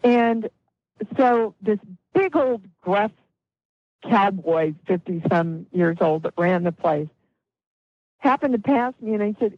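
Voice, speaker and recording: A middle-aged or older woman, a guest healer, telling a story in an interview with animated delivery and acted-out quotes. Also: mid-range voice, takes it slowly, long pauses, no room sound, muffled recording.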